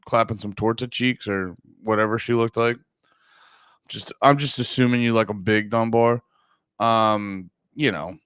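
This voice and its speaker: A man's voice: on the low side, fairly bright tone, clean tone, no room sound, studio quality. A man in his thirties from the United States, hosting a casual livestream chat in a rambling, profane way with lots of fillers. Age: 30s. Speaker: livestream host.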